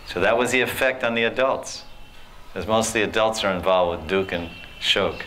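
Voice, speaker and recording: A man telling devotional stories in a sermon, animated, acting out characters and laughing often. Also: on the low side, normal speed, a little hiss or hum. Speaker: spiritual teacher. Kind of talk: storytelling sermon.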